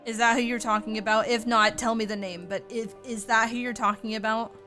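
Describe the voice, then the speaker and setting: A woman's voice: a little high, flat delivery, fairly quick, pushed and bright, soft background music. Tired, chatty woman streaming a game. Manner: chatty, greets viewers by name, calls them sweetie. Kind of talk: casual livestream chat.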